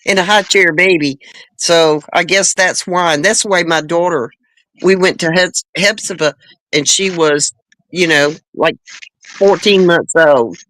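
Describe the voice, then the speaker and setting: Slow-talking Southern woman. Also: lowish voice, fairly bright tone, dry recording, low-quality recording. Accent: Southern American. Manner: drawn-out, unhurried, chuckles between remarks. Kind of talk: casual panel chat.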